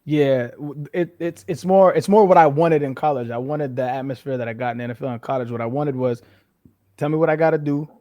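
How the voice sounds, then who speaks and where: A man's voice: mid-range voice, a little fast, few pauses, dry recording. Candid man telling stories, dry mic. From western United States. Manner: candid, animated storytelling with profanity. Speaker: guest, former football player. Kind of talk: casual conversational interview.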